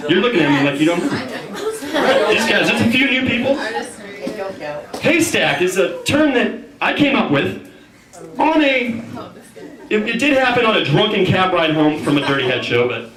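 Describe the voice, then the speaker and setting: A man in his thirties doing loose, rambling stand-up, his high voice leaping up and down as he banters with the room. He is picked up from a distance in a roomy, echoing space. A lively audience is heard all around him. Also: moderate pace, long pauses. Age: 30s. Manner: loud, joking, rambling with crowd banter. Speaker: host and stand-up comedian. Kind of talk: stand-up comedy at a house party. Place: large room in a house, with a live audience. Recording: roomy, distant mic, loud crowd.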